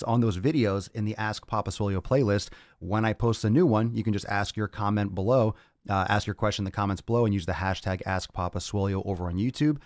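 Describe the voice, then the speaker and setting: Low-voiced crude joking male podcast host. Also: darkish tone, no echo, studio quality. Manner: repeats phrases, restless rambling delivery. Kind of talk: casual fitness podcast chat.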